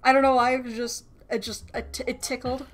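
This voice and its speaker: A woman's voice: high voice, flat delivery, fairly quick. A woman chatting casually, hesitant and stumbling over her words, with frequent exclamations. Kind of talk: casual chat.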